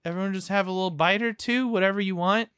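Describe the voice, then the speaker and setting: A man's voice: high-pitched, fast talker, a bit bright, smooth, no echo, clean studio sound. A man co-hosting a podcast in casual, joking chat, swearing freely over a video call. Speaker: podcast co-host.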